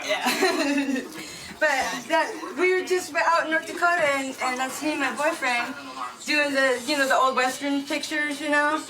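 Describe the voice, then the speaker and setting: A woman in her fifties, chatty and quick to laugh, visiting her mother. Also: sits high, steady tone, poor audio. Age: 50s. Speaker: visiting daughter. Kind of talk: unscripted reality footage.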